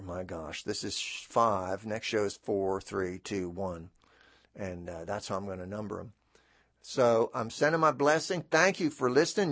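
A man's voice: fairly low pitch, normal speed, a bit bright, dry recording. A man hosting a radio talk show in a studio, rambling in a chatty, self-deprecating way with many fillers and restarts. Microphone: studio microphone.

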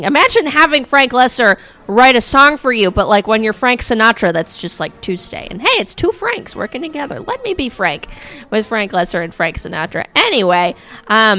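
A woman's voice: mid-range voice, sharp tone. A woman radio host with a scratchy, coughing voice, back-announcing songs in a rambling, chatty way full of fillers.

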